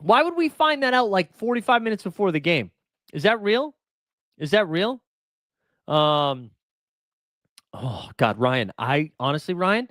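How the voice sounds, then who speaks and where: A man hosting a casual livestream, chatting and reading viewer comments, animated, swinging from mock outrage to mumbled asides. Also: fairly high pitch, normal speed, dry recording, studio quality. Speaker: livestream host.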